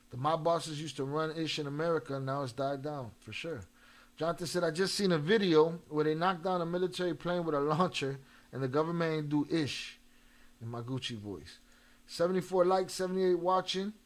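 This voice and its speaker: A man hosting a casual live stream, talking loosely in slang and reading chat messages aloud. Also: fairly high pitch. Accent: Chicago. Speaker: livestream host reacting to videos.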